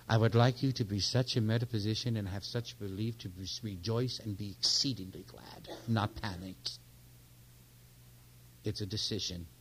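A man giving a sermon, swinging from loud, urgent exhortation to hushed, confiding near-whispers, with stories full of quoted dialogue. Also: on the low side, a little hiss or hum, low-quality recording. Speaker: minister.

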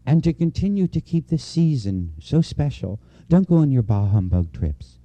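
Male preacher, very dark mellow tone, earnest and personal, repeats key lines to drive them home. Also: mid-range voice, big pitch swings, normal speed, no room sound. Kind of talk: conversational sermon. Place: church before a congregation.

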